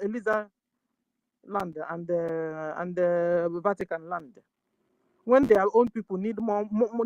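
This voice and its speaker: A woman's voice: medium pitch, a little hiss or hum, poor audio. A Nigerian woman speaking with fervor on a call-in discussion, full of rhetorical questions and repeated rallying phrases, switching into Igbo now and then. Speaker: guest speaker.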